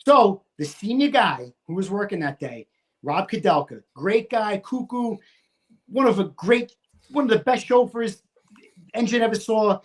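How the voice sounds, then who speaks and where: A man's voice: high-pitched, a little slow. Man telling a profane, heated story. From United States. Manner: profane, animated, acts out his own shouting. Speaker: guest, retired firefighter. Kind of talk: casual storytelling.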